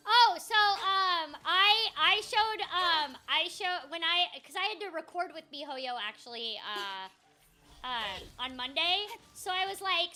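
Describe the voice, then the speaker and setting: A woman's voice: extremely high pitch, expressive, measured pace, pushed and bright. A young woman voice actor chatting casually while playing a game, muttering to herself and joking about her own confusion. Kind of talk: casual gameplay chat.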